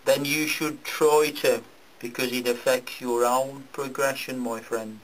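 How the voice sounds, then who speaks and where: Man, medium, leading a seance, gentle, coaxing. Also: mid-range voice, fairly even intonation, a little slow, low-quality recording.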